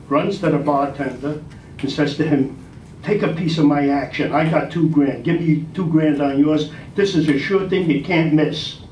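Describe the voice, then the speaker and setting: An older man telling a joke to a club audience, steady and voicing the dialogue. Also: fairly high pitch. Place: large room at a club meeting. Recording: echoey hall from far off, faint noise.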